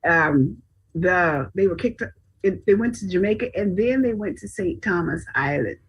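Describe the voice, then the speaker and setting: A woman's voice: on the low side, lively intonation, normal speed, breathy edge, low-quality recording. A woman in a casual group discussion, hesitant and searching for words as she speaks.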